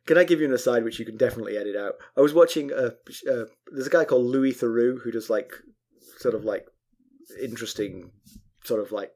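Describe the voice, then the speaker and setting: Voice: mid-range voice, quick pace, darkish tone. Giggly, quipping podcast co-host. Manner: storytelling, giggly, dry quips. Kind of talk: casual chat.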